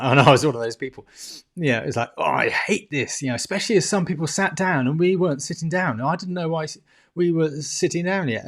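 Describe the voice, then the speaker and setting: A man vlogging a candid, emotional personal story to the camera, laughing often and swearing freely. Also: mid-range voice.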